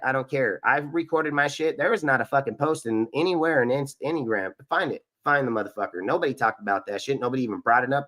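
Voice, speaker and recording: A man's voice: medium pitch, pushed and bright. A man hosting a live sports stream, ranting in an aggressive, profane and boastful way. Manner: boastful, repetitive. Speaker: sports show host.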